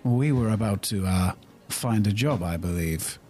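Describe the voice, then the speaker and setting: A man's voice: lowish voice, a little slow, dark tone. A man speaking in character in a tabletop game, probing a newcomer with questions. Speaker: player. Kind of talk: in-character tabletop role-play.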